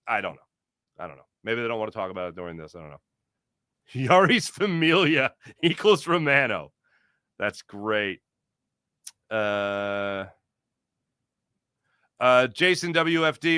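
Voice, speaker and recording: A man hosting a live postgame sports podcast, reading viewer comments in an energetic, rambling, jokey way. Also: mid-range voice, clean tone, no echo, clean studio sound.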